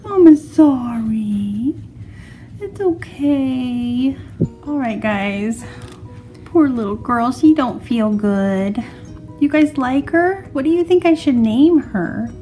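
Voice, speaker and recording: A woman unboxing and playing with a baby doll, cooing and soothing it in a gentle mommy voice. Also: on the high side, expressive, slow pace, faint music behind. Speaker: toy reviewer.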